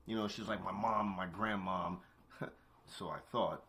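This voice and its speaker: A man's voice: sits low, unhurried, pushed and bright. A man hosting a late-night monologue, talking straight to his listeners, swearing freely, laughing often and repeating points for emphasis. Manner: talks to listeners directly, repeats himself for emphasis. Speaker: podcast host. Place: at home, eating with a cat nearby.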